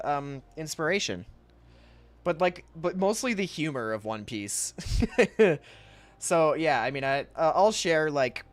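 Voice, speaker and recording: A young man streaming while he draws, rambling casually to chat, reading messages aloud and often laughing. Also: a little high.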